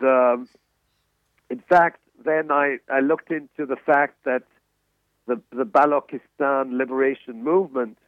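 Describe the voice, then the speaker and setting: An older man, a professor emeritus, answering interview questions in a halting way, with many restarts and fillers. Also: medium pitch, dry recording. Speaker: interview guest, author and emeritus economics professor. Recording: tinny phone line.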